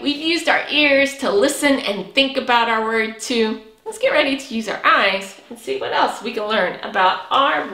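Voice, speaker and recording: A woman teaching a preschool reading lesson, speaking cheerfully with drawn-out words and lots of praise. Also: fairly high pitch, bright, forceful tone. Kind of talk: slow, sing-song lesson for young children. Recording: echoey room.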